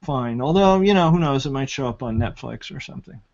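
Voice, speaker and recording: A man's voice: mid-range voice, animated, a little fast, darkish tone. A man chatting casually on a panel, laughing often and trailing off with fillers. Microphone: video call. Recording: lo-fi online call audio.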